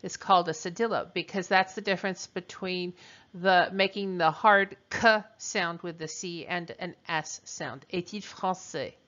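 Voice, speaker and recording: A woman teacher walks students through a recorded translation drill, speaking slowly and deliberately. Her voice is bright and clear. The recording has a dull, lo-fi sound. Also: lowish voice, fairly even intonation. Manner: slow, deliberate dictation with pauses. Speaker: French teacher.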